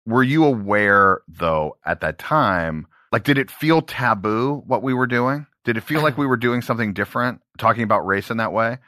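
A man hosting a podcast, relaxed and curious, asking questions. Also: medium pitch, moderate pace, hardly any pauses, dry recording, studio quality. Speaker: podcast host. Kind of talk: casual podcast chat.

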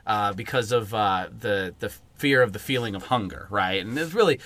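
A man with a mid-pitched, bright voice, telling wry, profane stories on a podcast and reading passages aloud. The recording is dry and close. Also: moderate pace, no room sound. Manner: conversational storyteller, wry and profane. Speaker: podcast co-host.

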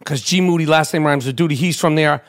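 A man from Brooklyn, hosting a podcast and telling a boastful, profanity-laden story in an animated rant. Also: fairly high pitch, fast. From Brooklyn, New York. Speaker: podcast host.

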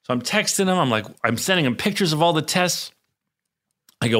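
Bright-voiced man telling a story. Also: fairly high pitch, a little fast. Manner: animated storyteller, swears freely. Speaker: podcast co-host. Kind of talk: casual podcast chat.

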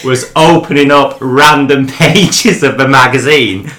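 A man co-hosts a podcast, spinning a rambling, joking story with plenty of stop-start phrasing. His voice is bright and forward. The sound comes from an echoey room. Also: mid-range voice, unhurried. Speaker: podcast co-host. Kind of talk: casual chat, storytelling.

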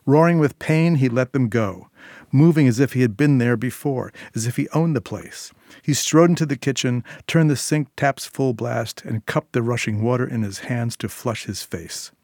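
A man narrating a short story in a measured, quietly tense reading. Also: mid-range voice, no echo, studio quality.

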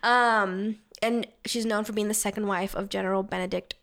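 A woman's voice: mid-range voice, steady tone, moderate pace, fairly bright tone. A young woman co-hosting a podcast in casual chat, talking loosely with many fillers and laughs. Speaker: podcast co-host.

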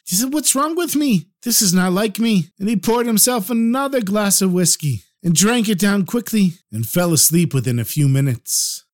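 An expressive male storyteller narrates with animated delivery, his voice sitting a little high for a man. He pauses to explain terms as he goes.

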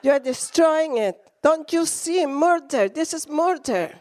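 Latina woman preaching, high voice, slow deliberate delivery, acts out the story. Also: some chatter behind. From Latin America. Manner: animated storytelling, acts out quotes, laughs often. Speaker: guest preacher. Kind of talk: sermon with storytelling.

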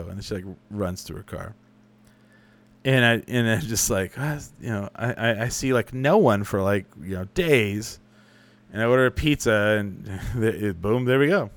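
Speaking at a moderate pace in a voice on the low side, a young adult male podcast host chats casually, answering listener questions through rambling, profanity-laced stories full of self-corrections.

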